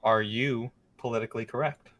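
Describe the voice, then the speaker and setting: A young man co-hosting a casual chat show, answering rapid questions with dry wit and some laughter. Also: mid-range voice, fairly even intonation, a bit bright. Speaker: podcast co-host.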